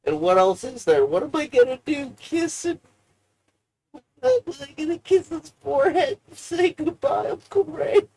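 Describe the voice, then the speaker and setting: A live-streamer in a rambling, profane, emotional monologue, swinging between low mutters and loud outbursts. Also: sing-song, normal speed. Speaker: livestreamer.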